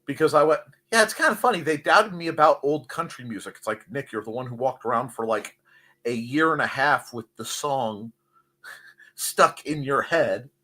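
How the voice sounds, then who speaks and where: A middle-aged man hosting a casual livestream, reading chat comments in a rambling, jokey way with a slightly hoarse voice. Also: mid-range voice, normal speed. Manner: rambling, jokey, animated asides. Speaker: livestream host.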